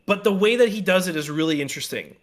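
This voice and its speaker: A high-pitched man rants through a casual podcast chat about comics. He swears freely and his delivery lurches between fast bursts and slow, stressed words. His voice jumps up sharply when he gets worked up. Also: expressive. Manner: heated ranting, swears, swings in loudness and speed. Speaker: podcast co-host.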